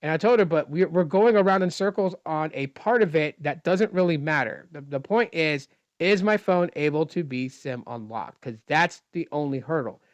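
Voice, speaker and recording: A man's voice: a little high, normal speed, dry recording, dull audio. A man telling a frustrated storytime rant about a customer service call, retelling the dialogue and explaining technical details at length. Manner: exasperated, retells dialogue in his own voice. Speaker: dissatisfied phone customer recounting a call. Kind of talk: casual ranting storytime.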